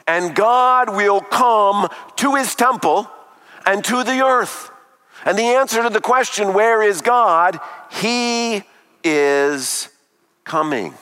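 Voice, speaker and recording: High bright preaching man in a hall. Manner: emphatic preaching with dramatic pauses and rhetorical questions. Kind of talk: sermon.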